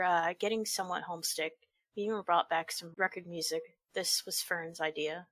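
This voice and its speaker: A woman's voice: fairly low pitch, a bit bright, no echo. A woman reading bad fanfiction aloud for laughs, stopping now and then to mock the text. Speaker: fanfiction reader. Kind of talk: comedic dramatic reading.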